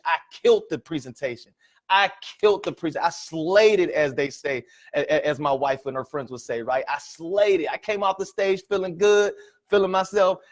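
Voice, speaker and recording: A man giving a motivational presentation to an audience, telling stories in an animated way and often checking in with "right?" and "ladies and gentlemen.". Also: a little high. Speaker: motivational speaker.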